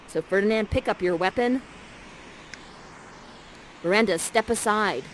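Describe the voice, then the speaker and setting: A woman's voice: mid-range voice, a little slow, long pauses, a little hiss or hum, poor audio. Upbeat woman directing an interactive play. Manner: upbeat, theatrical stage-directing. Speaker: actor guiding participants through an interactive show. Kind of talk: directing an interactive theater scene.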